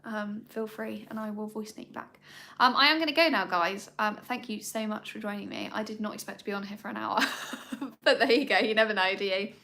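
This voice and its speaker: A woman's voice: little pitch movement, fairly quick, fairly bright tone. A woman, chatting casually to viewers in a live Q&A about her dogs. She talks in a rambling way, with plenty of ums. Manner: coos at her dogs in a high voice. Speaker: dog owner hosting a live Q&A. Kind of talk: casual live-stream chat.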